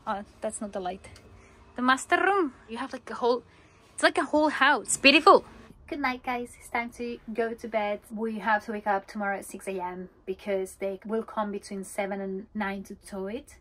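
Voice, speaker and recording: A woman's voice: medium pitch, moderate pace, fairly bright tone. A woman travel vlogger chatting to the camera as she shows off a campervan and talks about her trip. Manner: chatty and emotional, talks straight to viewers. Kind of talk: casual vlog to camera. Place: inside a campervan and around a campsite.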